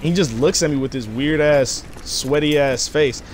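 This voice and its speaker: Young man, gaming YouTuber, slangy and animated, slightly high voice. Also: unhurried, a little hiss or hum. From Detroit, USA. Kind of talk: casual storytelling over gameplay.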